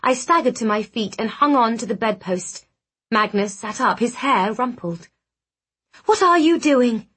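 A woman reading a first-person romance novel aloud, with soft, intimate narration and acted dialogue. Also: a little high, moderate pace, breathy edge. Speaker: audiobook narrator.

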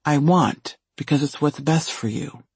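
Audiobook husband, tense and controlling, dry hoarse calm voice, read by a man. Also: on the high side, a little slow, no room sound, heavily acted. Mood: cold calm.

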